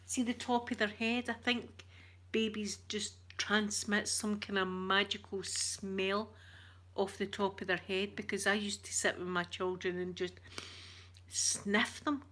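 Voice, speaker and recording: A Scottish woman chatting with her viewers on a live stream, switching between whispers and soft talk. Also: medium pitch, steady tone, a little slow. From Scotland. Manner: uses Scottish words like wee.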